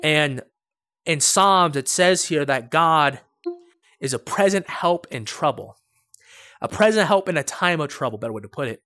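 A man's voice: a little high, lively intonation, moderate pace, bright, forceful tone, no echo. Man, pastor, preaching, emphatic repetition, dry sound. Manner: rising to emphatic preaching with repeated phrases. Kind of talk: sermon.

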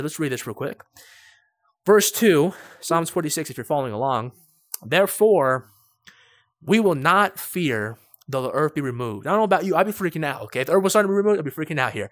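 A man's voice: on the high side, a bit bright, dry recording, clean studio sound. A man pastor preaching a sermon, building to emphatic, repetitive points. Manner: rising to emphatic preaching with repeated phrases.

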